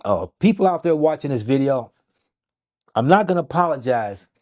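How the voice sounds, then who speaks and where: This guest doctor is very animated, recounting an emphatic, dramatic tale and voicing the quotes himself. He speaks at a moderate pace in a medium, slightly mellow voice. It's studio quality with no room sound.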